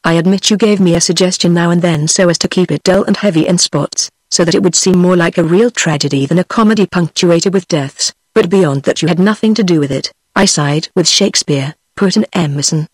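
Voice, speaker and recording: A text-to-speech woman's voice with a British English accent, reading a novel aloud in a steady, even manner that gives every character the same voice. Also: lowish voice, a little fast, few pauses, slightly rough, no echo. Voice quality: synthetic, even computer voice. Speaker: audiobook narrator.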